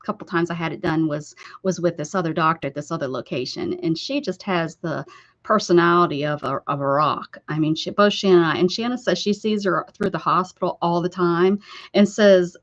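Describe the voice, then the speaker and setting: A woman's voice: on the low side, fairly quick. Chatty American woman live-streaming. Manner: chatty, rambling, laughs often and reads viewer comments aloud. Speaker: art streamer chatting with viewers. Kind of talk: casual live-stream chat. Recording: slightly dull lo-fi stream audio.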